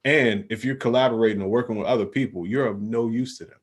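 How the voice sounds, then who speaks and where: Speaking fast in a medium-pitched voice, this young podcast co-host keeps the conversation easygoing, full of relaxed slang and frequent "bro"s.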